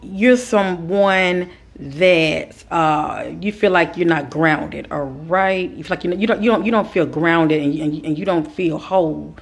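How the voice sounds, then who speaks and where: A woman's voice: fairly low pitch, unhurried, gravelly, breathy edge. A woman giving a spiritual advice monologue, speaking with a repetitive, preacher-like cadence and calling her listeners kings and queens. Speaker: spiritual teacher.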